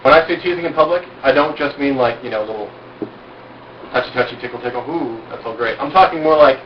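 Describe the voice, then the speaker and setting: Cocky guy lecturing his buddies, mid pitch, kinda far off and echoey. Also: fast talker, slight background noise. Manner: frank, self-assured and boastful, with rhetorical questions. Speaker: group speaker giving informal instruction. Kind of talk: casual instructional talk to a small group. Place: outdoor cookout gathering. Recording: roomy, distant, dull amateur recording.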